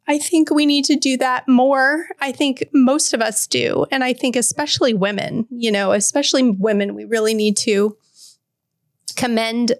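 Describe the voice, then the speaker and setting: A woman's voice: a little high, no echo. Earnest woman in her forties, dry sound. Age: 40s. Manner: earnest and heartfelt, speaking directly to the listener. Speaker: podcast host. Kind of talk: reading a personal letter aloud, then reflective solo talk.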